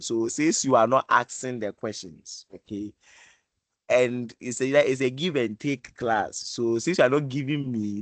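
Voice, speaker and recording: A male instructor leads a live online coding class, often stopping to repeat himself while coaxing and teasing his students. His voice sits at an ordinary middle pitch. The sound is dry and close, with no room echo. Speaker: programming instructor.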